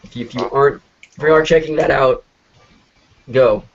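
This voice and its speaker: A man's voice: mid-range voice, a little fast. A man co-hosting a podcast, upbeat and chatty, asking loose questions and laughing easily. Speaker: podcast co-host. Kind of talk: casual podcast chat. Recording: dull lo-fi remote call audio.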